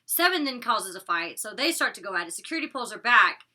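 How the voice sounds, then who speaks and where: A woman's voice: a little high, sing-song, quick pace, pushed and bright. A woman giving a blunt, opinionated recap of a reality TV episode, swearing freely and talking casually. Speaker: reality TV reviewer.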